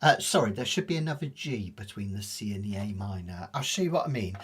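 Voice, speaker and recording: A man teaching a live ukulele lesson, explaining fast in a chatty, self-deprecating way. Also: lowish voice, expressive, breathy edge. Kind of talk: live online music lesson. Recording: ukulele playing behind the voice.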